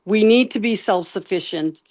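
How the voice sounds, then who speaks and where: Earnest older woman candidate, halting. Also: medium pitch, darkish tone. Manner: halting, repeats words, earnest. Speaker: election candidate. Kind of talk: emotional closing statement. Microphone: video call.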